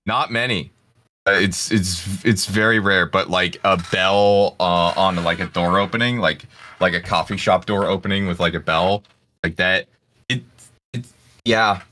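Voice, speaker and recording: A man's voice: low voice, measured pace, bright, forceful tone. A man who voices ASMR audio, answering in a casual podcast discussion and stumbling and restarting as he goes. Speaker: ASMR voice actor.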